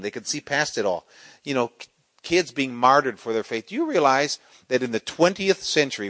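A middle-aged man preaching a sermon, swinging from loud, soaring exclamations to quiet storytelling. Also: mid-range voice, dry recording.

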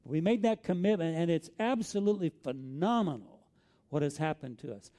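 A man's voice: on the high side, expressive, a little fast, warm tone. A middle-aged man with an Arkansas accent, preaching a sermon as a pastor, telling stories in an earnest, folksy way.

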